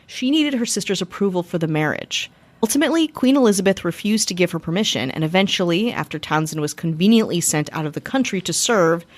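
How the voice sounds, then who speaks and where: Podcast cohost, woman with a lowish voice reading her script, dry close mic. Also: no echo. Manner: laughs often in banter, then reads steadily. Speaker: podcast co-host. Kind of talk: scripted history narration and banter.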